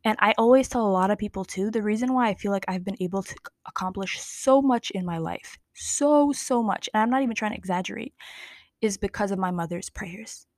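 Twenty-something woman podcasting, candid slangy chat, dead dry close mic, middle pitch. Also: darkish tone, no room sound. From Somali family. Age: 20s. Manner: candid, chatty, slangy, drawn-out emphasis. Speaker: podcast host. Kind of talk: casual personal monologue.

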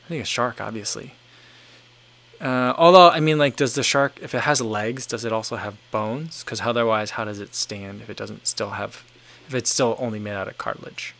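A man's voice: lowish voice, normal speed, vocal fry, a bit bright. A man hosting a casual livestream, reading viewer comments aloud and answering them in a rambling, filler-heavy way as he thinks aloud. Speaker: livestream host reading chat.

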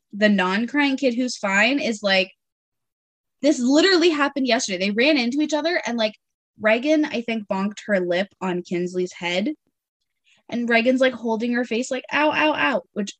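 A woman in her thirties chatting casually about her young daughters, telling lively stories and acting out their voices. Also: on the high side, dry recording. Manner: animated storytelling, acts out her kids' voices. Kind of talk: casual chat.

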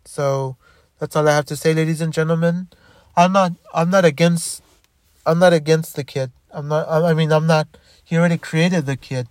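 A young man hosting a solo podcast, talking in a halting, rambling way with many restarts and frequent swearing. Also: on the high side, steady tone, no room sound, studio quality. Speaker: podcast host.

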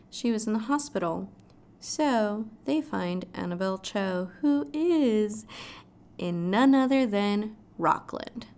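A woman tells a story in a loose, chatty vlog recap. She is animated and swears freely as she walks through the plot. Her voice sits at a middle pitch for a woman.

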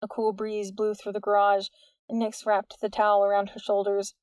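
A woman giving steady, measured scripted narration of a novel into a close studio mic. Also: medium pitch, no echo. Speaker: audiobook narrator.

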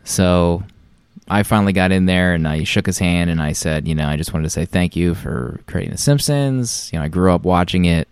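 A man's voice: deep voice, a little fast, clear, resonant tone, dry recording. A man in his thirties, a podcast co-host, chatting casually and rambling through anecdotes with many restarts. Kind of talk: casual chat.

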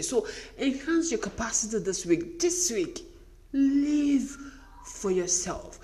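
A woman's voice: mid-range voice, darkish tone. A woman giving an earnest, emphatic, faith-based motivational talk to wives. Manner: earnest, emphatic, repetitive exhortation.

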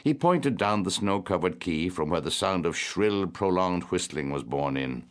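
A man with a very low voice narrates classic fiction as an audiobook. His reading is measured yet highly animated, swinging through a wide range. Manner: expressive, measured storytelling.

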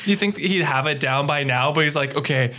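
A man's voice: a little high, fairly quick, sharp tone. A man co-hosting a casual movie review chat, wisecracking and laughing often.

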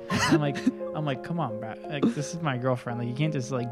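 A man's voice: mid-range voice, fairly quick, loud music behind the voice. A young man co-hosting a podcast, telling a story in casual chat, laid-back, swearing often and acting out quoted lines. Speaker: podcast co-host.

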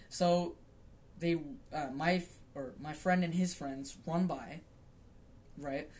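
A man's voice: fairly high pitch, steady tone, takes it slowly, a little mellow, slightly rough. A young man hosting a podcast, telling a story casually in a rambling, profane way, full of fillers and restarts. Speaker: podcast host.

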